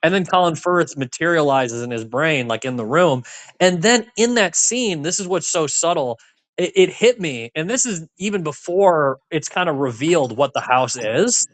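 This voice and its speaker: A man's voice: a little high, expressive, moderate pace, no echo. Rambling podcast man, fillers everywhere. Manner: rambling, many fillers and restarts. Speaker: podcast co-host. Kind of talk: casual film discussion.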